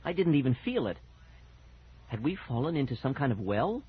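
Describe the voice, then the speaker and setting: A man's voice: medium pitch, big pitch swings, brisk, slight background noise. A man narrating a first-person scary children's story on audiobook, dramatic and building suspense, on a muffled cassette recording.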